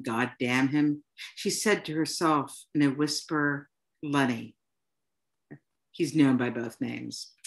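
A woman author reading her own short story aloud to an audience, in a plain, unhurried storytelling manner. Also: low-pitched. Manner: unhurried, plain storytelling delivery with soft "um" fillers.

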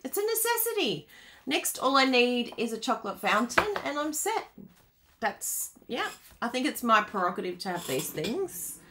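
A woman's voice: on the high side, big pitch swings, normal speed, background noise. A woman demonstrating card-making live, chatting with viewers, laughing often and reading out their comments. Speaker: craft demonstrator.

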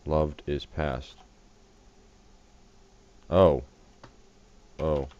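An American gaming channel host who has just woken up rambles and jokes through casual game commentary, easily losing focus. His voice is extremely low and mellow, slow and steady in tone. The lo-fi recording sounds dull, with a faint hiss.

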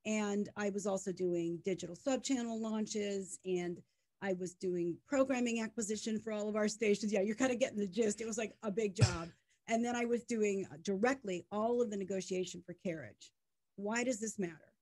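Middle-aged woman, business guest, animated storyteller, conversational. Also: medium pitch, normal speed. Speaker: media tech startup co-founder, guest. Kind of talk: conversational interview.

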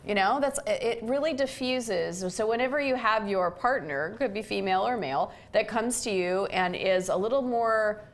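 A woman's voice: medium pitch, moderate pace, hardly any pauses. A middle-aged woman hosting a casual chat, telling an everyday story and acting out the quotes with animation. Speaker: host. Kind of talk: casual chat about relationships.

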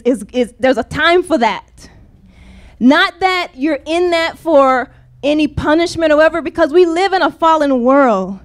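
A woman gives a passionate church sermon in a strikingly high voice. She presses her points by circling back to the same refrains again and again. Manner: impassioned, repeating refrains. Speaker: preacher.

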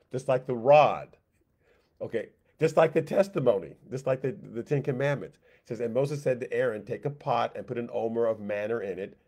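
A man teaching a Sunday school Bible lesson, talking casually and with plenty of animation. He keeps repeating his points and drops into quick spoken asides for the characters in the story. His voice sits at an ordinary middle pitch for a man. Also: mellow. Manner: conversational, repeats phrases.

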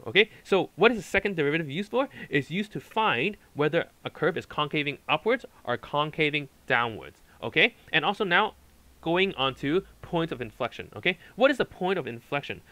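A man's voice: on the high side, bright, forceful tone, dry recording, rough recording. A man tutoring calculus at a whiteboard, explaining step by step and checking in often with "okay" and "right". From Hong Kong. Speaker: math tutor.

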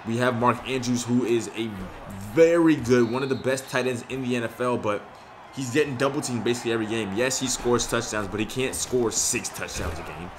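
A young man giving casual, slangy commentary on his own video game play, excitable and frustrated. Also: mid-range voice, fairly quick, noisy background. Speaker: gaming YouTuber.

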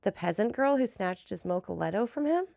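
Storybook young gentleman, earnest and eager, gravelly hint, dry sound, read by a woman. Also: medium pitch, expressive, fairly quick, dry recording.

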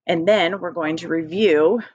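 Slow, patient woman teaching young children. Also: fairly low pitch, darkish tone, breathy edge, no echo. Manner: slow, patient, encouraging, sounding out letters one by one. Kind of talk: recorded early-grade phonics lesson. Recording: dry, dull lo-fi home recording.

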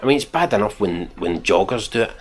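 Scottish dude w a lowish voice, sweary mocking commentary reacting to tweets. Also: male voice, expressive, fast talker, slightly rough. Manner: mocking, profane, chuckling. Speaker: commentary channel host.

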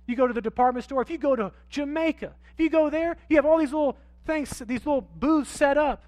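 A man preaching a sermon in church, swinging from quiet asides to loud, drawn-out emphasis and acting out voices of street sellers and pleading sinners. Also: extremely high pitch, dry recording. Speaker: pastor. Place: church sanctuary.

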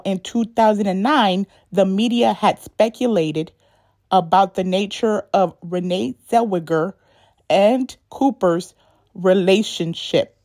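A woman with a medium-pitched, slightly mellow voice narrates a celebrity's life story, chatting with her viewers in a casual video style. She slips in offhand asides and seems self-conscious around censored words, like a YouTube narrator. The recording is dry and clean, studio-grade.

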